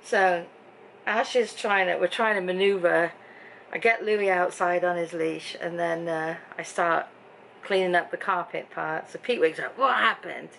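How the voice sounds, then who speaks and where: A woman's voice: fairly low pitch, steady tone, unhurried, vocal fry, slight background noise, rough recording. A middle-aged English woman from Britain, telling a story in a chatty, exasperated way in a casual vlog at home. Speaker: vlogger. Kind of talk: casual chat to camera. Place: home bedroom.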